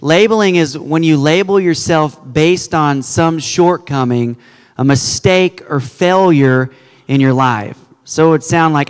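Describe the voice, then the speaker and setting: A man's voice: a little high, a little slow, clear, resonant tone, long reverb tail. A male pastor preaching a sermon, earnestly quoting scripture to his congregation. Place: church sanctuary.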